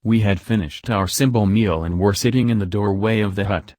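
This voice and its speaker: A man narrating an audiobook in the first person, with an even, unhurried storytelling delivery. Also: lowish voice, no room sound.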